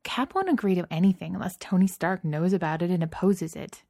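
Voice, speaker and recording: A woman voicing a cheerful, chatty rich young heroine who talks in a bright, giggly way. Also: on the low side, brisk, dry recording, studio quality.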